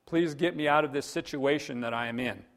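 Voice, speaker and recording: A man voicing a desperate man stuck on a cliff, shouting and pleading for help. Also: on the high side, brisk, natural voice.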